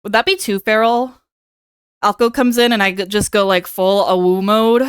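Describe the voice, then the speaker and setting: A woman's voice: mid-range voice, steady tone, normal speed, clean tone, no room sound, studio quality. A young woman streamer chatting casually with her viewers, playful and given to dramatic bits.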